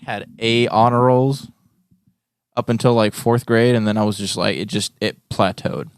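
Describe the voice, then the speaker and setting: A man's voice: fairly low pitch, fairly even intonation, normal speed, smooth, no echo, clean studio sound. A young man co-hosting a podcast, laid-back and joking, often laughing. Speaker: podcast co-host. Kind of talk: casual podcast banter.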